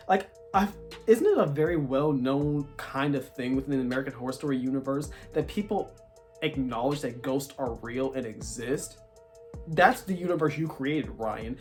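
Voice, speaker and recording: A TV show reviewer giving a casual, exasperated recap, talking in a ranting way and saying "like" constantly. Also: mid-range voice. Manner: exasperated, ranting, heavy use of "like". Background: faint background music.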